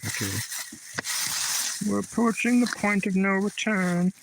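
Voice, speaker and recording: A man's voice: sits high, steady tone, measured pace, vocal fry, noisy background. Muttering, ranting man with a raised voice. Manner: ranting, profane, muttering to himself. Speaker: vlogger. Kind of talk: casual rambling vlog.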